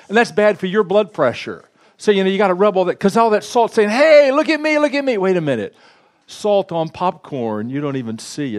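A man delivers a sermon in an animated, chatty way. His voice sits fairly high for a man. He jokes and speaks straight to people in the pews. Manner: animated, conversational preaching with props and asides to the congregation. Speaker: pastor.

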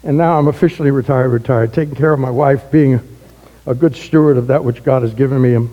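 A man, a retired pastor telling a personal testimony, animated and acting out the dialogue in his story. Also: medium pitch, fast talker, muffled recording. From the Bronx, New York. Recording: echoey hall.

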